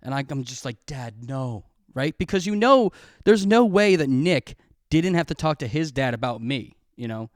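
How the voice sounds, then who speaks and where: A man's voice: fairly high pitch, expressive, normal speed, no echo, studio quality. A man hosting a casual solo podcast, telling rambling, profane, self-mocking stories. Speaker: podcast host.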